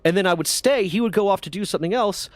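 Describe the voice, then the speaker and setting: A man with a somewhat high voice chats casually on a gaming stream, telling blunt, profane stories with plenty of animation. His voice comes through dry and close to the mic, with no room sound. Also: quick pace, no echo. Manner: candid, profane, animated storyteller. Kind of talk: casual chat while gaming.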